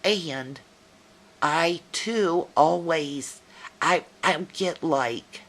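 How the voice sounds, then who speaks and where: A woman's voice: low-pitched, very slow, a bit bright. A middle-aged woman with a Southern US accent, chatting casually and telling folksy stories to a viewer in a video message. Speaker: vlogger.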